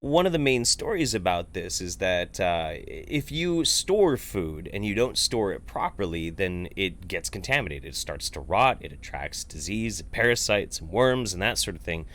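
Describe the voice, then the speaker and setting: A man's voice: low voice, sing-song, moderate pace, hardly any pauses, fairly bright tone. A man hosting a casual livestream, reacting to a video with sarcastic, rambling, profane commentary. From United States. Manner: sarcastic, swears, rambling with restarts. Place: home, Eugene area.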